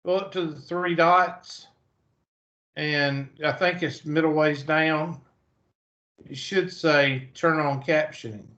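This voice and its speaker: Teaching math over a video call, a Southern US man keeps a steady tone at a slow pace, his fairly high voice a bit bright. He's chatty and thinks aloud through the online lecture, which sounds muffled.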